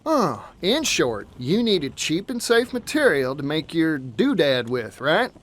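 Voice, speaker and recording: Partitio, a folksy young merchant. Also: male voice, on the high side, very animated, a little slow, fairly bright tone, exaggerated voice. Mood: friendly. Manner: drawling, folksy, upbeat. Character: cheerful folksy young male traveling merchant. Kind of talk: game voice acting. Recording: game audio with music behind.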